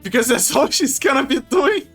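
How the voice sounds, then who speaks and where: A man's voice: extremely high pitch, moderate pace, slightly rough. Rambling streamer man chatting, music faint behind. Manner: rambling, animated, laughs often, frequent restarts. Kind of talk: casual stream chat.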